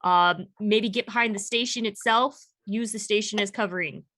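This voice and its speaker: Bright-voiced woman player at the table. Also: mid-range voice, steady tone, moderate pace. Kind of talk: casual tabletop play.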